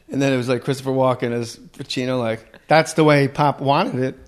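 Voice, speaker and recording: A comedian hosting a casual podcast chat, talking shop about impressions. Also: male voice, mid-range voice, fairly quick, hardly any pauses. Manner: lively, slips into movie impressions.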